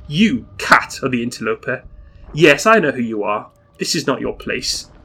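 Sinister impostor voiced by a man, menacing, measured, slightly husky. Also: mid-range voice, pushed and bright. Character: sinister male impostor, cold and commanding.

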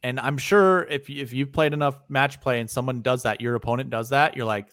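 Man, podcast co-host, casual storytelling, swears, trails off quietly, dry close sound. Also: medium pitch, fairly quick, few pauses, no echo. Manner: animated storyteller, swears freely. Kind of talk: casual chat.

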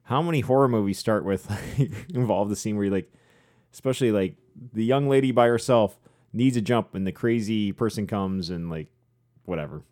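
A man's voice: on the low side, moderate pace, dark tone. A man co-hosting a podcast, chatting casually and rambling with frequent laughs. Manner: rambling, conversational, laughs often. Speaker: podcast co-host. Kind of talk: casual chat.

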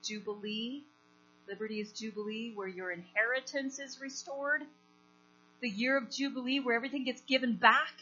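A woman's voice: a little high, normal speed, bright, forceful tone. A woman preaching a sermon, telling a story and putting questions to the congregation. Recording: lo-fi recording with mains hum.

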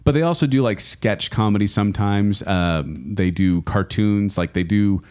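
A man's voice: on the low side, moderate pace, a little mellow, clean tone. A man co-hosting a podcast in casual chat, rambling enthusiastically with many fillers and restarts. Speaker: podcast co-host.

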